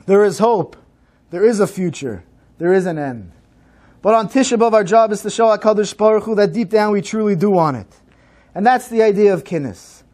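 A man giving a solemn, measured sermon-style talk at a synagogue program. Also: high-pitched, darkish tone.

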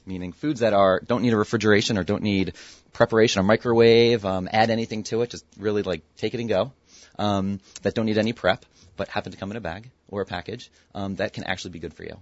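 A man's voice: on the low side, fairly even intonation, fast, no echo, highs cut off. A man being interviewed as a guest, speaking affably with frequent fillers. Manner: affable, hesitant with many fillers. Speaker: guest, doctor and company co-founder. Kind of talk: casual interview.

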